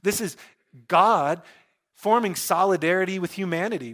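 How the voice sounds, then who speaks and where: A middle-aged man preaching a conversational sermon, with joking asides and animated emphasis. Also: fairly high pitch, normal speed. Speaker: pastor.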